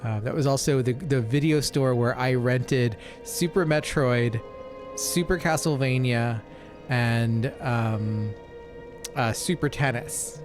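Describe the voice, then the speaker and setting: A man's voice: mid-range voice, takes it slowly, over music. A man co-hosting a game let's play, telling long rambling stories full of fillers and asides. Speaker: co-host. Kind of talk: casual chat over gameplay.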